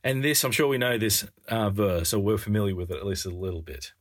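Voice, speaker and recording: Man, sermon, husky, earnest and wry, lifts his voice for quotes. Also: fairly quick. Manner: earnest, wry, acts out quotes with rising pitch. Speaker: preacher.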